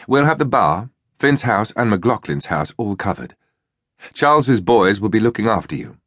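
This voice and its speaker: A man voicing a brisk, ruthless upper-class army officer with a plummy voice, in an audiobook. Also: lowish voice, a bit bright, no echo, clean studio sound.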